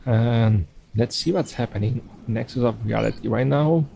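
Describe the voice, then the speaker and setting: A man giving casual video game commentary from his computer at home, relaxed and thinking aloud with chatty asides. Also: mid-range voice, normal speed, creaky, a little hiss or hum, poor audio. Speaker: game caster. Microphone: desk microphone.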